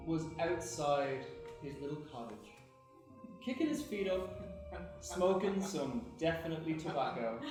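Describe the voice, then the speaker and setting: A man's voice: a little high, far from the mic. A man playing in a live improv tabletop game, narrating his character playfully. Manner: playful, laughing storytelling. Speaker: player. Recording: echoey live theatre, music behind.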